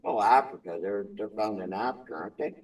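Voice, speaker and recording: A man's voice: fairly low pitch, brisk, distant mic, poor audio. A man chatting casually with friends, reacting with short lines and swearing.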